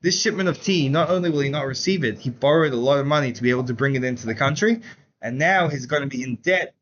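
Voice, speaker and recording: A man teaching a Chassidus class in a casual, animated storytelling way, saying "like" often. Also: medium pitch, quick pace, lo-fi sound, slight background noise. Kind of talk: Torah class lecture with storytelling.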